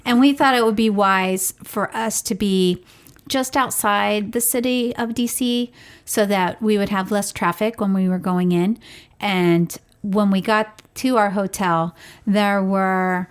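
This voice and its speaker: A woman co-hosts a parenting podcast and tells a family vacation story in casual, animated chat. Her voice sits at an average pitch, and her delivery is natural and conversational. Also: measured pace, smooth. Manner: animated, laughing retelling.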